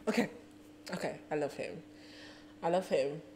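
A woman hosting a reaction video, gushing and excitable in casual commentary, often talking to herself. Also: mid-range voice, normal speed, a little hiss or hum. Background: faint music playing.

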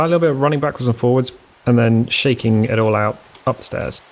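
A man's voice: mid-range voice, quick pace, poor audio. A man giving casual gameplay commentary, thinking aloud, counting blocks and making self-mocking asides. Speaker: let's play host.

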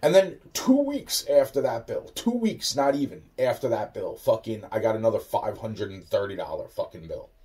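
A man with a lowish, mellow voice rambles through a profane rant, circling back with "you know" and "like" and restarting his sentences. He sounds a little distant from the microphone. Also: lively intonation, moderate pace, hardly any pauses. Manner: profane, repetitive, full of fillers and restarts. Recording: voice a bit far from the mic.

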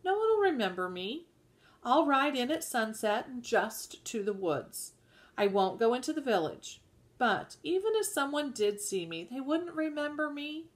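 A woman reading the part of a calm, sturdy middle-aged farm wife who talks eagerly but sensibly. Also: high-pitched, normal speed, pitched above the performer's own voice. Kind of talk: audiobook reading.

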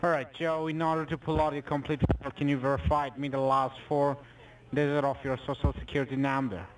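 Fast-talking man on a distant phone line. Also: mid-range voice, level tone. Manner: formal scripted, polite. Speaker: scam call center agent.

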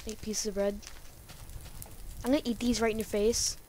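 A woman rambling through casual gameplay commentary, talking excitedly to herself and to the game's characters. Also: mid-range voice, normal speed, a little hiss or hum. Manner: rambling, excitable self-talk to the game. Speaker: let's play gamer.

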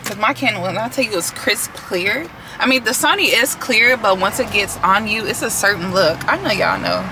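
Young woman vlogging in her car, kinda gravelly voice, lots of road noise behind her, chatty and a bit nervous. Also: mid-range voice. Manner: chatty, nervous, laughing asides. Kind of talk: casual car vlog chat. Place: in a car in city traffic. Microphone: camera on a car tripod.

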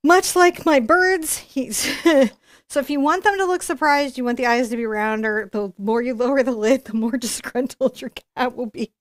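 A woman's voice: high-pitched, moderate pace, no echo, clean studio sound. A woman giving a live painting tutorial, chatting and encouraging as she works and thinking aloud. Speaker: painting instructor.

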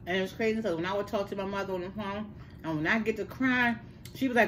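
An older woman, telling a personal story in casual chat, animated and repeating words for emphasis. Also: mid-range voice, quick pace, a little hiss or hum. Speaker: host.

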